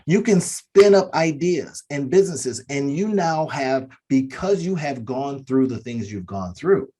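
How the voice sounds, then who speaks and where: A man's voice: mid-range voice, lively intonation, unhurried, dark tone, breathy edge. A man co-hosting a business podcast, giving an earnest motivational talk that keeps repeating its key phrases. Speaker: podcast co-host.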